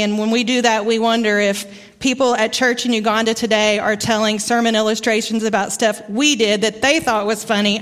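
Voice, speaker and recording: Middle-aged woman, Arkansas accent, guest preacher, relaxed storytelling sermon, slightly high voice, church reverb. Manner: warm, conversational storytelling with pauses. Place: church sanctuary.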